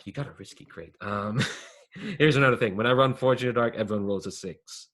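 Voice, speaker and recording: A man's voice: medium pitch, a little fast, fairly bright tone. Laid-back man running a tabletop game. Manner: loose, laughing, many fillers. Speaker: game master.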